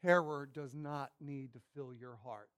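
A man preaching a sermon, swinging from hushed, almost whispered lines to loud, emphatic bursts. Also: mid-range voice, measured pace, clear, resonant tone. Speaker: pastor.

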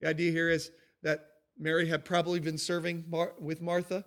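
A man preaching a sermon, emphatic and animated, stacking up repeated phrases as he tells the story. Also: on the high side, brisk. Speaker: pastor.

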